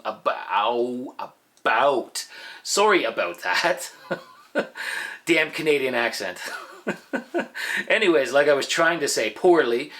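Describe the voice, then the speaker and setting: A man's voice: mid-range voice, a bit bright. A man hosting a cooking tutorial, walking through each step in an upbeat, chatty way. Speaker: cooking show host.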